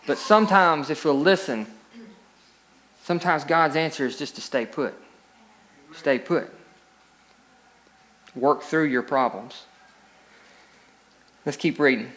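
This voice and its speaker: A man with a fairly high voice preaches a sermon as pastor. He moves between steady scripture reading and emphatic, rising peaks of exhortation.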